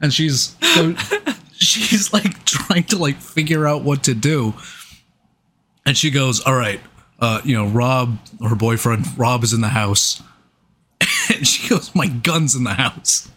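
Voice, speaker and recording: A man's voice: mid-range voice, slow pace, a bit bright, a little hiss or hum. A man telling a wild story in casual podcast chat, laughing often and swearing. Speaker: podcast co-host.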